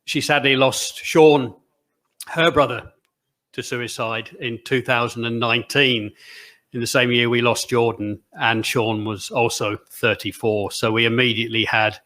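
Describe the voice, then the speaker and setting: A man hosting a conference, introducing the next speaker in an earnest, halting way with fillers. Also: mid-range voice, steady tone, bright, forceful tone. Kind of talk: stage introduction. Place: conference hall stage.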